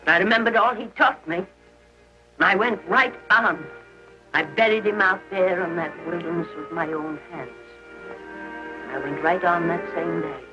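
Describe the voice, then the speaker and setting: A woman's voice: on the low side, moderate pace. An actress playing a determined elderly pioneer grandmother who lectures her granddaughter firmly, in a 1930s film. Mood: stern. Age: older. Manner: firm, lecturing and forceful. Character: stern old pioneer grandmother, fiercely determined. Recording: muffled 1930s film soundtrack with music.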